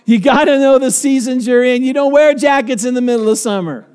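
A man's voice: extremely high pitch, slow, long pauses, darkish tone, clear, resonant tone. A male pastor preaching a sermon in a conversational, storytelling way, asking the congregation questions.

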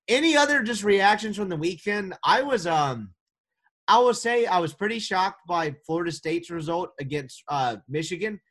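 A man with a fairly high voice co-hosts a casual sports chat. He talks in an animated, joking way and often restarts his sentences. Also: normal speed. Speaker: podcast co-host.

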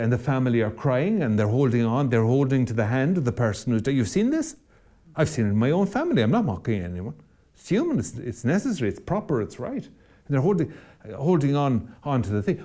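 A man's voice: mid-range voice, warm tone. A man, a Catholic priest hosting a podcast, arguing passionately in a rhetorical, preacherly way and repeating phrases for emphasis. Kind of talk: impassioned podcast argument.

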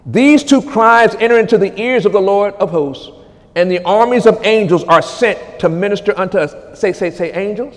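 Male preacher, high voice, swings from hushed murmurs to shouted commands, long hall echo. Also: moderate pace. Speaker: pastor. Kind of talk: charismatic sermon.

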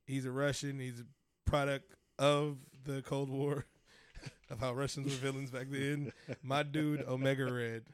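A man's voice: medium pitch, level tone, a little slow, clear, resonant tone. A man in his thirties in casual podcast chat, joking, swearing freely and rambling a little. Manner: profane, joking, loose and rambling. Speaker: podcast co-host.

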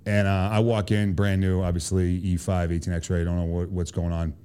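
A man with a Boston accent tells stories as a podcast guest, his voice sitting a bit low with a mellow, unforced tone. He talks animatedly and swears freely. He keeps checking in with his listeners with a quick "right?" or "like". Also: level tone, clean tone. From Boston, USA. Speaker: podcast guest, Army Special Forces officer. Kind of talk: casual storytelling interview.

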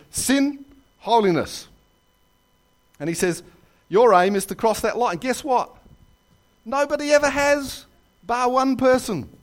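A man preaching a sermon in a church, telling jokes and stories with lively asides. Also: high voice. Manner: animated storytelling with jokes and asides. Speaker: pastor.

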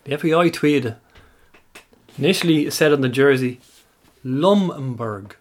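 A man with a mid-range voice talks football in a measured, informative manner. He slips in dry humor during relaxed podcast chat. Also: mid-range voice. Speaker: podcast co-host.

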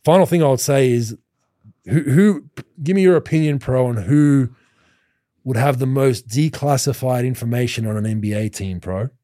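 A man in his thirties, a podcast host who played pro basketball, telling lively anecdotes with many restarts and laughs. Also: mid-range voice, normal speed, no room sound, studio quality. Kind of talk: casual storytelling chat.

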